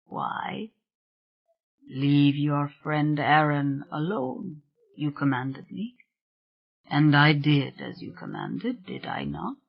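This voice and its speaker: A sorrowful male spirit speaks in a low, vibrant whisper with a Scottish accent, voiced by an audiobook reader. He draws out every word slowly, seductive yet possessive. The recording sounds dull and muffled. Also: sing-song, gravelly, slightly rough, full character voice. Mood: hushed longing.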